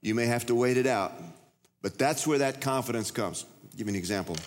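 A middle-aged pastor preaches in a large church, his voice trailing off in a long hall reverb. He tells stories and acts out the voices in them, his pitch sitting in the ordinary middle range for a man. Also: a little fast, a little hiss or hum. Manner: storytelling, acts out voices and shouts. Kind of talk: sermon.

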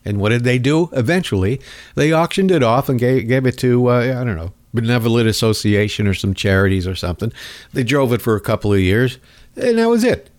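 Male host, furious sarcastic rant, pitch swinging wildly, dry close sound. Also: lively intonation, brisk, a little mellow, no echo. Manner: angry, sarcastic, mocking. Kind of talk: ranting political commentary.

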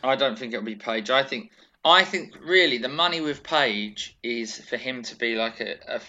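Brief: male podcast co-host, bright forceful tone, chatty and rambling, dull lo-fi recording. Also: medium pitch, expressive. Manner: chatty, rambling, quick asides. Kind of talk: casual wrestling chat. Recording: dull lo-fi sound.

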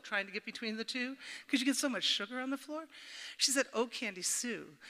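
A woman's voice: fairly high pitch, sharp tone. A middle-aged woman giving an informal devotional talk at a church gathering, chatty and humorous, telling personal stories and speaking straight to her listeners. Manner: chatty and humorous, addresses the audience directly. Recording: reverberant hall.

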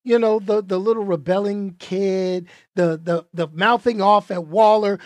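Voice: mid-range voice, animated, a little slow, darkish tone, no room sound, clean studio sound. A movie reviewer talking casually and emphatically, tossing out rhetorical questions and repeating points for effect.

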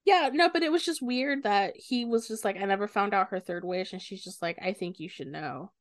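A young woman co-hosting a podcast, retelling a book's plot in lively casual talk and swearing often. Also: mid-range voice, fairly quick, no echo, studio quality. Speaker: podcast co-host. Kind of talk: casual book discussion.

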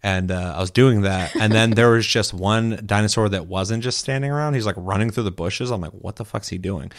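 A man chatting casually about a video game, telling a story with lots of swearing and animated quoting. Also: fairly low pitch, fairly quick. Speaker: co-host. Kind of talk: casual gaming chat.

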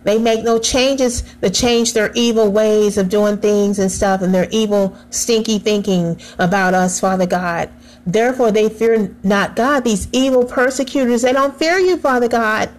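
A woman's voice: a little high, a little slow, darkish tone, rough recording. A woman praying aloud, fervent and pleading, returning again and again to the same address to God. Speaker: prayer leader. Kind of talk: spoken prayer.

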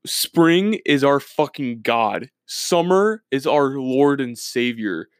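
Young man, casual podcast chat, rambling and swearing, mid-pitched voice, dry close sound. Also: expressive, slow, no echo. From Minnesota. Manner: rambling, profane, self-mocking storytelling. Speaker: podcast host.

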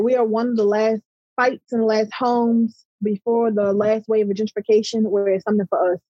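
Passionate Baltimore-accented woman, husky. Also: a little high, dry recording, lo-fi sound. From Baltimore, USA. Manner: passionate, emphatic, repeats "right?". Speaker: interview guest. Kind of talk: conversational interview.

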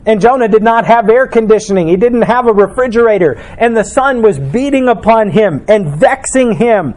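A man's voice: high-pitched, expressive, normal speed, a little mellow. A man preaching a sermon as pastor, reading scripture and explaining it with emphatic delivery.

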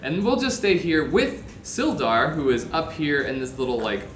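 A young game master recaps the last session of his tabletop game loosely, laughing often and using lots of fillers. His voice is a little high with big pitch swings at a moderate pace, over music, in a roomy recording with background noise.

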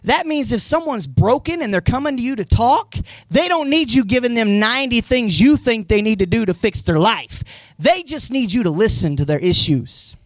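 A man's voice: very high-pitched, animated, normal speed, no room sound. A man preaching a conversational sermon as a pastor in a church, retelling scenes with voices and rising to emphatic points. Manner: rises to emphatic, raised-voice points.

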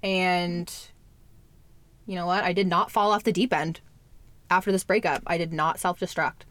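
A woman's voice: fairly low pitch, fairly even intonation, moderate pace, fairly bright tone, no echo. A young adult woman talking candidly in a casual chat, lots of "like" and the odd swear word. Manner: candid, chatty, fillers and swearing.

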